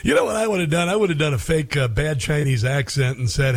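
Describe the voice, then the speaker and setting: A man's voice: fairly high pitch, quick pace, no echo. Sarcastic male talk radio host. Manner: animated, sarcastic, many fillers. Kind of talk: opinionated talk radio monologue.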